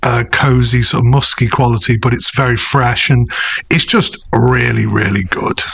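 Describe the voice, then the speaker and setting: A man's voice: medium pitch, steady tone, normal speed, vocal fry, fairly bright tone, husky, no echo. Sweary, laughing British man. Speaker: podcast co-host. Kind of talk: casual chat.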